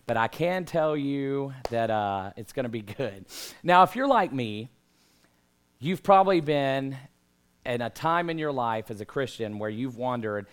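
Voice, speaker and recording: A man's voice: medium pitch, lively intonation, a little slow, clear, resonant tone. A man in his thirties preaching a casual, conversational sermon to a congregation, slightly out of breath and building to emphatic calls. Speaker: pastor. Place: church hall with congregation.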